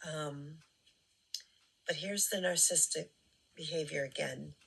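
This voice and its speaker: Slow, gravelly-voiced woman commentator. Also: sits low, a bit bright, poor audio. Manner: sarcastic, critical, pauses with fillers. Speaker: commentary channel host. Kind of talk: critical commentary on clips.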